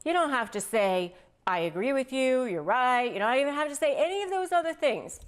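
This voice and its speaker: A woman's voice: high-pitched, brisk. A woman hosting an advice video, speaking straight to the viewer and acting out sample replies in quotes. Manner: animated, acts out sample lines in quotes. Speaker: family law attorney and video host. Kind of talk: direct-to-camera advice talk.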